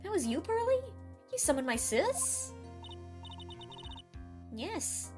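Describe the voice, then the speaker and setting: A woman's voice: very high-pitched, very animated, takes it slowly, music in the background, voice pushed up, heavily acted. A woman doing a shy little girl. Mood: timid. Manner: timid and polite.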